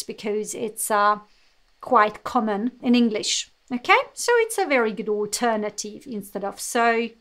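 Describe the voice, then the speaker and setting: Hungarian lady teaching english live, talks right to her viewers, kinda high voice. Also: a bit bright. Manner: encouraging, speaks to viewers directly. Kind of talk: live online language lesson.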